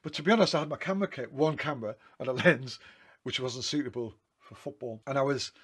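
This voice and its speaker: Man, mid pitch, easygoing photographer rambling through anecdotes with frequent restarts. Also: fast talker, fairly bright tone, husky. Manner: rambling, self-correcting, chatty. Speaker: photographer talking through his photo book. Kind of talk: casual anecdotal storytelling.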